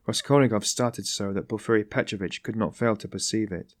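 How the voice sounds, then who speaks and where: A man narrating an audiobook in a measured, even reading. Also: lowish voice, no echo, studio quality. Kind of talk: scripted narration.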